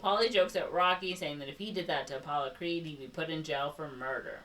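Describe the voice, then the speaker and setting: A woman's voice: low voice, a little fast, a bit bright, recorded from a distance, slight background noise, rough recording. A woman with a Chicago accent co-hosting a podcast, reading a plot summary aloud and breaking off for sarcastic asides. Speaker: podcast co-host. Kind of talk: casual movie recap podcast.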